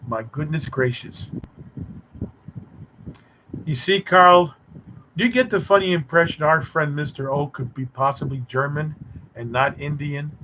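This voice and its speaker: A man's voice: on the high side, a little slow, pauses often, sharp tone, slight background noise, poor audio. A man hosting a casual live stream, teasing and bantering sarcastically with his chat viewers.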